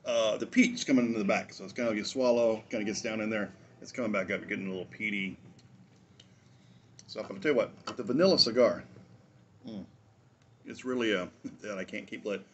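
A man's voice: lowish voice, a little fast, long pauses, a little hiss or hum. A man hosting a casual drinks review show, rambling through a tasting with jokes, asides and chuckles.

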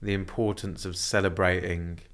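Low-voiced young guy on a podcast, laid back, thinking out loud. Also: normal speed. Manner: relaxed, reflective, loosely phrased. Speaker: podcast guest. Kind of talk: casual conversation.

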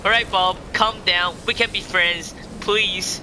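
A man's voice: high-pitched, fairly even intonation, unhurried. A man giving panicky live gameplay commentary, yelping and repeating words as he plays. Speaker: gaming YouTuber. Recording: loud game noise behind the voice.

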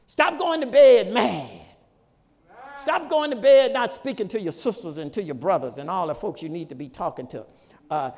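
A male pastor preaching a sermon in a folksy, repetitive style, with shouted peaks and laughter between points. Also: high-pitched, in a large hall. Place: church sanctuary.

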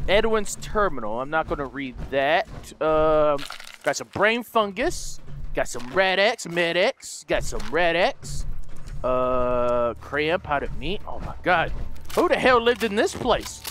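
A man giving manic let's play commentary, squealing in mock panic and dropping into low gruff mutters. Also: very animated, unhurried, noisy background. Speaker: gameplay host.

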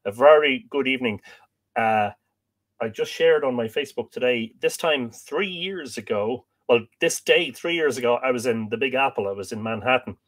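A man's voice: mid-range voice, moderate pace, fairly bright tone. An Irish man hosting a casual livestream, greeting viewers by name and making jokes as he reads out their comments. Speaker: livestream host.

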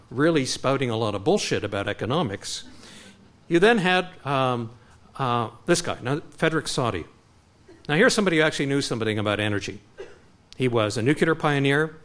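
A middle-aged man from Canada giving an impassioned public lecture, with frequent restarts and animated delivery. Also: medium pitch, moderate pace. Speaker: guest speaker.

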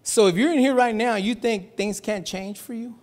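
A man pastor preaching a Sunday sermon in a church, talking in a loose, slangy way, sometimes shouting and sometimes dropping to a hush. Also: sits high, normal speed. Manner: conversational preaching with slangy asides and laughs; swings from shouting to hushed.

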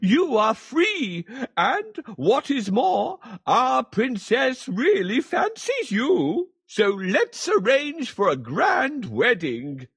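A man's voice: extremely high pitch, wildly swooping pitch, slow, few pauses, fairly bright tone, breathy edge, no echo, full character voice. A man voicing a fretful old king in a cartoon fairy tale, theatrical and pleading.

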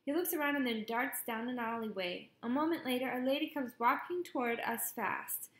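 A woman's voice: a little high, normal speed. Woman reading an audiobook in an echoey room. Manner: wry, lively storytelling. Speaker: audiobook narrator. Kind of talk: scripted first-person narration.

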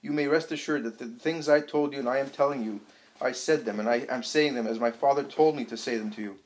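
A solemn grown preacher who declaims his words to a crowd, read out by a man. His voice sits at a middling pitch and stays grave and commanding throughout. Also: flat delivery, normal speed, lightly acted, poor audio. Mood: declaiming.

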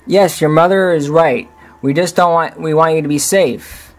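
A man's voice: fairly high pitch, moderate pace, voice pushed up, natural voice. A man voicing a protective male lion king, earnest and fatherly, in a storybook reading.

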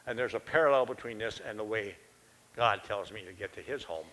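A man's voice: on the low side, fairly quick, a bit bright, a little hiss or hum, poor audio. An older man preaching a sermon in a church, telling a personal story in a folksy, conversational and self-deprecating way.

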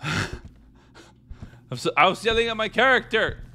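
A man giving jokey let's-play commentary on a horror game, talking to himself and breaking into panicked yelling. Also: high voice, sing-song, slow pace. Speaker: gaming YouTuber.

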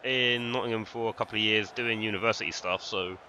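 A young man from London with a London English accent, chatting excitably to viewers and swearing freely while commentating his own football game. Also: on the low side, fairly quick, slight background noise. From London, England. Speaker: gaming streamer. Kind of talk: live gameplay commentary.

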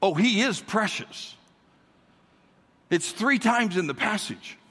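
A man's voice: sits high, lively intonation, slow pace, sharp tone, long reverb tail. A man giving a sermon as a guest pastor in a large church, speaking energetically, repeating words and calling on the congregation to answer back.

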